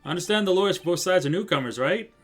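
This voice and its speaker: A streamer putting on a chatty older judge with a playful put-on Canadian accent, his voice pitched up and tagging questions onto everything. Faint music plays underneath. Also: lively intonation, racing, a bit bright. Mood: friendly. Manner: rambling, friendly, ends lines with "eh". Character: folksy older male judge. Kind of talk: let's play voice acting.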